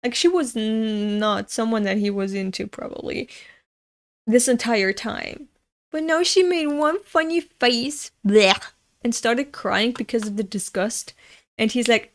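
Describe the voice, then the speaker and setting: During a manga read-along, a woman from Europe talks to her viewers in an unhurried, fairly high voice. The host chats casually, drifts onto tangents and swears without restraint.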